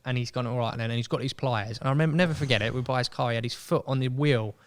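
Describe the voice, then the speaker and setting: A young man telling a story as a podcast guest in casual chat, animated and acting out voices. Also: medium pitch, racing, few pauses. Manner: chatty, animated, acts out quoted voices.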